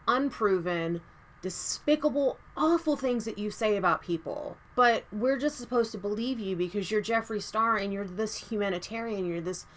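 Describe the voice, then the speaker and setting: A woman's voice: mid-range voice, fairly bright tone. A woman vlogger delivering a heated, profane commentary rant with angry emphasis.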